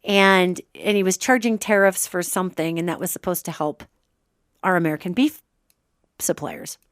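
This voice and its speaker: A woman's voice: fairly low pitch, moderate pace, clear, resonant tone, no echo, studio quality. A woman hosting a podcast, talking casually and with animation, breaking off to act out quoted remarks. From Montana. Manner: chatty, animated, acts out quotes. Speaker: podcast host. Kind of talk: casual spiritual commentary.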